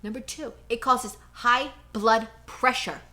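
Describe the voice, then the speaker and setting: A woman co-hosting a casual podcast at home, ranting in a rambling, animated way into a cheap headphone mic. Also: on the high side, takes it slowly. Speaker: podcast co-host.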